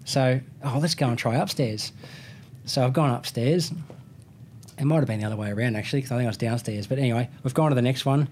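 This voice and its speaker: This fast-talking Australian man in his thirties has a medium-pitched, slightly mellow voice, with a little hiss or hum in the audio. He's a motorcycle racer chatting casually, spinning a rambling, slang-filled anecdote with restarts and self-corrections.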